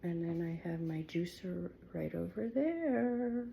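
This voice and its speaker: A woman's voice: lowish voice, lively intonation, slow pace, gravelly, muffled recording, slight background noise. A woman casually talking through her home kitchen in a rambling, hesitant vlog, with many fillers and restarts. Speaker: vlogger.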